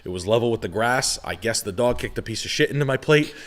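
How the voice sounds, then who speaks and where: A man telling crude stories on a casual podcast, rambling and profane, who keeps jumping into loud, high-pitched impressions. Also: animated, quick pace, a little hiss or hum. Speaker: podcast co-host; former car salesman.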